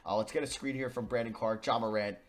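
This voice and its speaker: Excitable young man narrating his gameplay. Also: medium pitch, quick pace. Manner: excitable, swings from muttering to yelling. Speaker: video game YouTuber. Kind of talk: gaming commentary.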